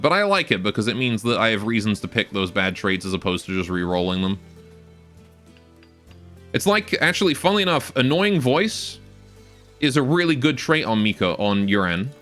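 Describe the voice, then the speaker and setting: A man's voice: fairly low pitch, expressive, moderate pace, fairly bright tone, faint music behind. A young man casually commenting on his game live, rambling, joking and often laughing, on a close cheap stage mic. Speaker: game streamer.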